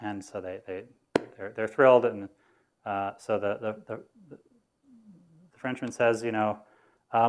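A man's voice: on the low side, fairly even intonation, a little slow, pauses often. A man lecturing on physics to students in a lecture room, informal and explanatory, thinking aloud as he goes. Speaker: university lecturer.

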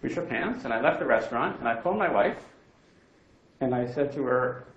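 Animated man telling a story in an echoey room. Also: mid-range voice, normal speed, muffled recording. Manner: animated storytelling, acts out quoted exchanges. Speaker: speaker giving a talk. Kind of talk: anecdotal public talk.

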